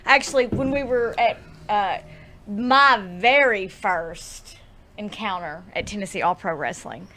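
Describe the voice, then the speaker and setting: A woman's voice: medium pitch, measured pace, sharp tone. A woman co-hosting a podcast, telling playful stories in casual chat and laughing often. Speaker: podcast co-host.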